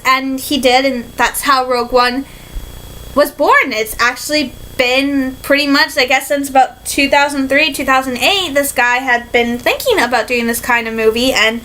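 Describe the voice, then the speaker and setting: A young woman from Michigan chats in a casual vlog, her voice high and bright. She rambles eagerly, with plenty of "um" and "like", and now and then drifts toward a put-on British accent. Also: normal speed, low-quality recording. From Michigan, USA. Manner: excitable, rambling, many fillers and likes, slips into a put-on British accent. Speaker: vlogger.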